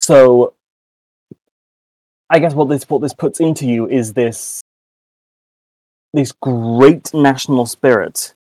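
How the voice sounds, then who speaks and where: A man's voice: mid-range voice, takes it slowly, long pauses, dark tone, no room sound, poor audio. A young British man, a podcast co-host, talking in a rambling casual way with many restarts and self-mocking asides. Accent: British English. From United Kingdom. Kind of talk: casual chat.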